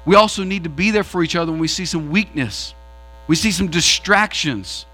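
A man preaching a sermon as pastor to his church, swinging his pitch and pace as he makes his points. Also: moderate pace, pushed and bright.

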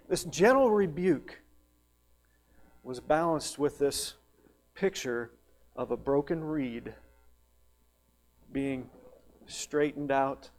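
A man preaching a sermon, emphatic, rising to loud peaks and dropping to hushed questions. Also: a little high. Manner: slow, drawn-out delivery on lists.

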